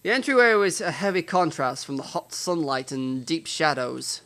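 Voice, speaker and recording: A young man with a northern English accent reading a visual novel aloud, animated and self-mocking. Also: fairly high pitch, moderate pace. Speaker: let's player.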